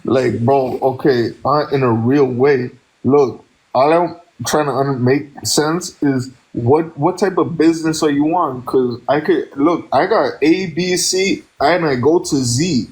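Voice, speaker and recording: A man chatting excitedly on a phone live stream, swearing often and laughing a lot. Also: fairly high pitch, unhurried. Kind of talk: casual live-stream chat.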